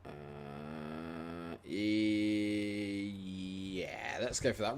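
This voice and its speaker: A man streaming a football management game, muttering, then shouting and swearing at the match. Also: fairly low pitch, takes it slowly, a little hiss or hum. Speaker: gaming streamer. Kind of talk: live gameplay commentary.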